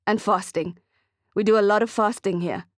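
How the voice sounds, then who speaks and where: A woman reading the part of a calm, soft-spoken, spiritually detached man in a measured way. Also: medium pitch, dry recording, studio quality, close to an everyday voice. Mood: serene.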